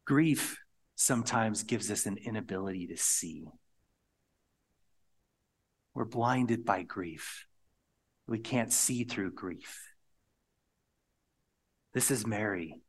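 A man preaching a sermon, earnest and storytelling, sometimes dropping to a hushed whisper on key words. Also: on the low side, creaky, husky. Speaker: pastor.

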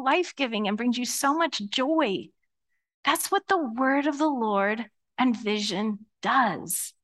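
In a church sanctuary, a middle-aged woman pastor preaches to her congregation in a lively, conversational style, acting out the voices she quotes. Her voice is on the high side and her pace is slow.

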